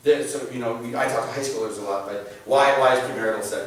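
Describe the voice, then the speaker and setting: A man giving an informal faith talk to a class, animated and joking, often restarting his sentences. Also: medium pitch, quick pace. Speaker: catechism class presenter. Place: church meeting room. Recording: very echoey room, mic at a distance.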